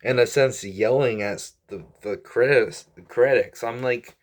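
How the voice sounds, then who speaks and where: A man's voice: mid-range voice, unhurried, few pauses. A man in his twenties venting to his viewers, rambling, stressed and weary, with frequent sighs and apologies. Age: 20s. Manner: frustrated, rambling, sighing, apologetic. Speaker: YouTuber and comedian. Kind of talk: venting vlog to camera.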